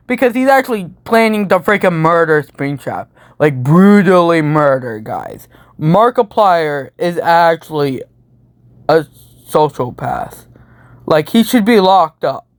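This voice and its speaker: A woman's voice: low-pitched, expressive, measured pace, dry recording. A woman giving a goofy, rambling comedic movie recap full of meme slang. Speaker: YouTube commentator.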